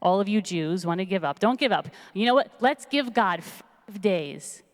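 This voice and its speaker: A woman's voice: mid-range voice, animated, normal speed, natural voice. A woman voicing a bluff male town sheriff who speaks in a placating, patronizing way, heard with a long echo. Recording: long reverb in a large hall.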